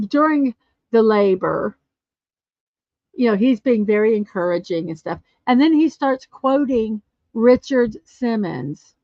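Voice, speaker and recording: A woman hosting a casual livestream chat show, chatty and quick to laugh as she tells stories and answers viewer comments. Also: medium pitch, darkish tone, no room sound. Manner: chatty, laughs often, storytelling. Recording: dull lo-fi dry sound.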